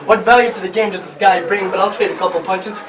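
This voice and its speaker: A man performing mocking battle rap verses at a live event, brash and shouting his punchlines. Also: high voice, fairly even intonation, fast talker. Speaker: battle rapper. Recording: far from mic, loud crowd.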